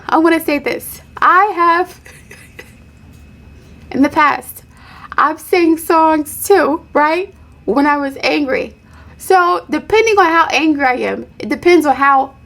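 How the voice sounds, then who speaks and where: A woman hosting her own channel, giving blunt, animated commentary on a reality show, with sudden sharp high exclamations.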